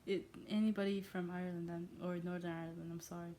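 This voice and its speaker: A young woman reading aloud in a casual way, often stopping to comment and laugh at herself. Her voice is mellow and warm. English is not her first language. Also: fairly low pitch, flat delivery, fast talker, slight background noise. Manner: self-interrupting, self-mocking asides. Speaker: reader.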